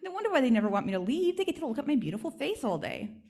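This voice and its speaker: A woman voicing a sweet, vain female cornhusk doll spirit in a raised, bright voice. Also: big pitch swings, very fast. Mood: delighted, vain. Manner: high, bright and self-admiring.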